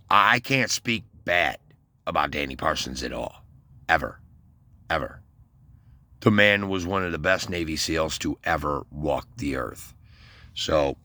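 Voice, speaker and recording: A man's voice: extremely low pitch, sharp tone, no room sound. A man from Michigan telling a long, rambling, profane story about his military service, full of fillers and restarts. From Westland, Michigan, US. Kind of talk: casual rambling monologue.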